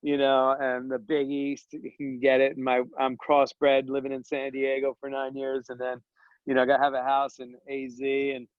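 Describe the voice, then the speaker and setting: A man talks in a casual podcast chat at a middle pitch, energetic and full of jokes, wandering off into slang asides. The audio is dry with no room sound and slightly dull. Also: moderate pace, no echo. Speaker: podcast guest, dental business coach and author.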